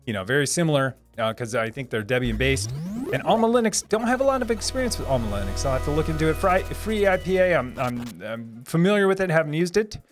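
A man's voice: on the high side, very animated, quick pace, faint music behind. A man in his thirties hosting a casual live stream, reading viewer comments aloud, chatty, laughing often and repeating words as he restarts sentences.

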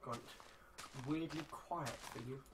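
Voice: mid-range voice, slow pace. Chatty streamer on a distant mic. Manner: chatty, gives loud excited outbursts. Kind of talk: casual gaming chat. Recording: distant mic with steady background noise.

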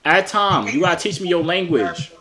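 Over loud music, a man in his twenties with a New York accent chats flirtatiously with strangers on a video app and jokes to his viewers in street slang. His voice is fairly high and sing-song, at a moderate pace.

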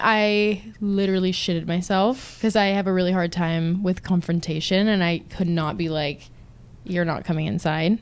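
A young woman co-hosting a podcast, telling a story casually, animated and swearing freely. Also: on the low side. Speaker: podcast co-host.

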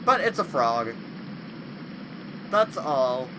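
A man hosting a let's play horror game video, talking to the game and yelling at its monsters. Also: high-pitched, slow pace, noisy background. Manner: loud, excitable, yelling insults at game monsters. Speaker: gaming video host.

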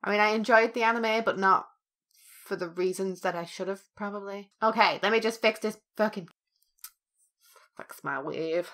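A woman's voice: medium pitch, normal speed, long pauses, fairly bright tone. A woman hosting a reaction video, chatting casually, giggling often and swearing freely, sounding a little stuffed up. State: feels congested, ears popped.

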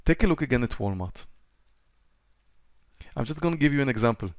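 Lively intonation marks this trading instructor's mid-range voice as he teaches a live webinar a little fast. Recorded dry with clean studio sound, he talks straight to his audience, repeats phrases, and acts out what's racing through a trader's head.

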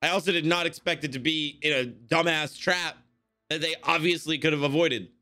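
A man reacting to an anime episode in casual commentary, excitable and swearing, exclaiming at the screen. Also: fairly high pitch, normal speed.

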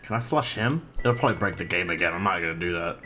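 A man's voice: low-pitched, animated, fast talker, sharp tone, faint music behind. A man giving casual, profane let's-play commentary and teasing the baby in the game. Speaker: gaming channel host.

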